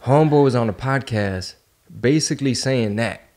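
Man, podcast host, casual slangy chat, middle pitch. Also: moderate pace. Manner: casual, slangy, animated when telling stories.

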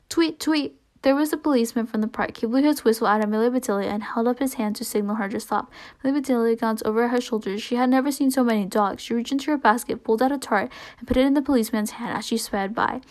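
Brief: woman, fairly high voice, expressive children's storybook read-aloud. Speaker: children's book reader.

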